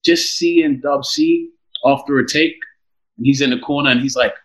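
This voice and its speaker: A man from London chats as a podcast guest, telling lively stories. He laughs easily, and his voice sits at an ordinary pitch for a man. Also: normal speed, rough recording. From London, England. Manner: lively storyteller, laughs often. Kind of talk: casual interview chat.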